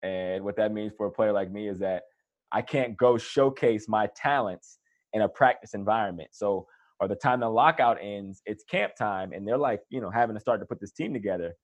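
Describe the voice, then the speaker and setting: Male interview guest, fairly low voice, conversational storyteller, quotes people lively. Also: moderate pace. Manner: relaxed, animated retelling with quoted voices. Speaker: guest, former pro football player.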